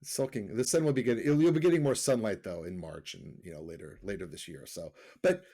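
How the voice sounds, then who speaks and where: A man's voice: fairly low pitch, fast, dark tone. Rambling middle-aged male podcast co-host. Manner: rambling, self-correcting, laughs easily. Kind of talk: casual remote podcast chat. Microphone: remote call.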